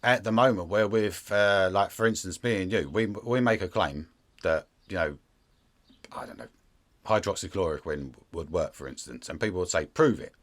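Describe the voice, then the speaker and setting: A man in a casual interview chat, talking in a sarcastic, animated way and slipping into mocking voices. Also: deep voice, moderate pace.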